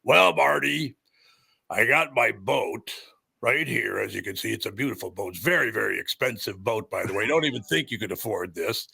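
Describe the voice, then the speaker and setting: A man putting on a boastful old-school pro wrestler who brags slowly and smugly. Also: lowish voice, lively intonation, vocal fry, sharp tone, slightly rough, heavily acted. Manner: slow, smug bragging.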